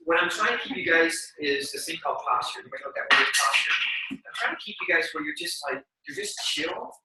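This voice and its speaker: A man in his forties giving a motivational training talk to a group, energetic and slangy, acting out quotes as he goes. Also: on the high side. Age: 40s. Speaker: sales team trainer. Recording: very echoey room, mic at a distance.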